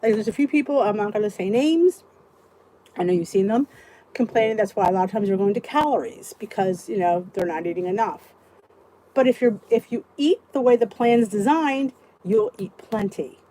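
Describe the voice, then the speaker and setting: A woman's voice: medium pitch, moderate pace, mellow, slight background noise, low-quality recording. A woman in her fifties hosting a casual live support chat, ranting and talking straight to her viewers, greeting them by name. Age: 50s.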